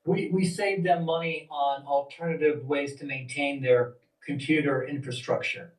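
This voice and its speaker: Guy in the audience answering short, far off the mic, roomy echo, kinda high voice. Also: steady tone, normal speed. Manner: brief, plain answers. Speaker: audience member. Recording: distant voice in echoey room.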